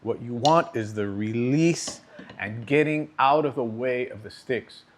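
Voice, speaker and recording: Guy giving a drum lesson, middle-pitched voice, a bit of hiss behind him. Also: a little slow. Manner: patient, explanatory, frequent "okay?" check-ins. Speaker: drum teacher. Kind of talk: instructional demonstration.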